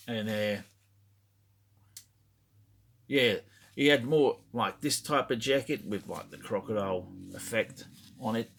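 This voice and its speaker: Toy collector vlogger, man, lower-pitched, loose and rambling, casual swearing. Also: slight background noise. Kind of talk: casual show-and-tell vlog.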